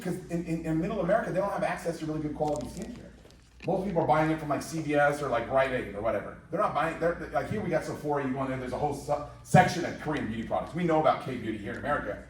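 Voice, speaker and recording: A man in his fifties giving an energetic, repetitive motivational sales presentation to a live audience in a large room, rallying the crowd. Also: a little high, racing, slight background noise. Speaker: company presenter. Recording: very echoey hall, mic far off.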